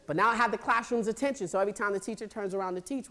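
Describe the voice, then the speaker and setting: A man giving a motivational speech at a high school assembly, acting out scenes with sound effects and quizzing the students. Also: very fast, hardly any pauses. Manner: animated storyteller who acts out scenes, makes sound effects and quizzes the crowd. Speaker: motivational speaker.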